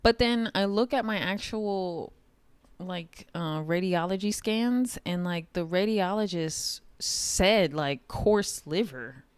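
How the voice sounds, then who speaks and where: A woman's voice: mid-range voice, slow, clear, resonant tone, dry recording. A woman talking candidly to camera in a casual vlog, swearing now and then and laughing often. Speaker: vlogger.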